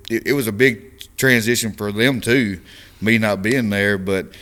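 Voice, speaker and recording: A man's voice: fairly low pitch, a bit bright, clean tone. A man in his forties from Louisiana with a Cajun accent, a guest trucker telling stories in casual chat, stumbling over repeated words and laughing often.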